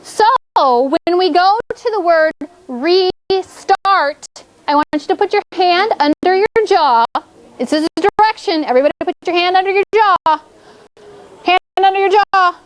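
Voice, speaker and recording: Woman, elementary teacher, very high voice, encouraging classroom delivery, checks in constantly. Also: unhurried. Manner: encouraging, checks in with "okay?" often. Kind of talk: classroom spelling lesson.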